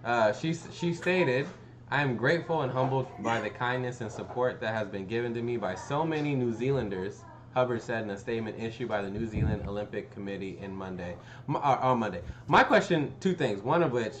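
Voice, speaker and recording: A man's voice: medium pitch, noisy background. A man hosting a casual podcast chat, hedging and trailing off as he talks. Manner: halting, hedging, trails off into mumbles. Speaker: podcast host.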